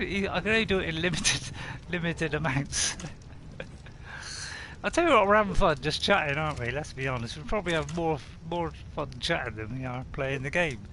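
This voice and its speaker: Chatty West Country man, bright voice. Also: high voice, a little hiss or hum. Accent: West Country English. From Bristol, England. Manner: chatty, chuckling, reads viewer messages aloud. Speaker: game streamer. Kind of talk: casual live-stream chat.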